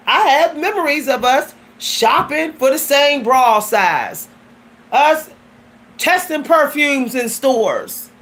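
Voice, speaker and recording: A woman's voice: high voice, a bit bright. A woman vlogger giving a blunt, emphatic personal monologue that often turns preachy.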